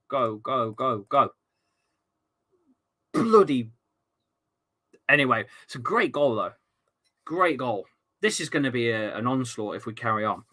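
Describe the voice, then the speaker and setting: A young man commentates live on a football match for his stream, grumbling one moment and shouting the next. His voice has a bright, sharp edge and sits a touch high for a man. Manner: excitable, swearing, swings from grumbling to shouting.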